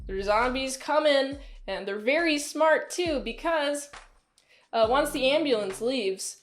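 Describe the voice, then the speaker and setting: A woman casually reviewing a movie, recapping it in an animated, exclaiming, chatty way. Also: high-pitched, unhurried, a little hiss or hum.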